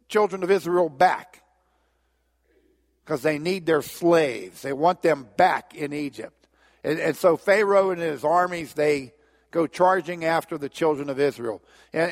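Man, middle-aged, preacher, sermon, animated storytelling, slightly high voice, long hall reverb.

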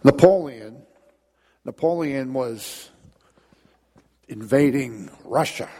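A male pastor preaching and storytelling to his congregation, building emphasis and restarting phrases as he goes. His mid-pitched voice carries with a long reverb through a church sanctuary. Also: unhurried, darkish tone. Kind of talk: sermon.

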